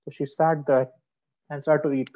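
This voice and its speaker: Expressive male storyteller on a lo-fi call. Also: on the high side, moderate pace. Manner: expressive, dramatic. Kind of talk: storytelling for children. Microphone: video call. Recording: dull lo-fi online call audio.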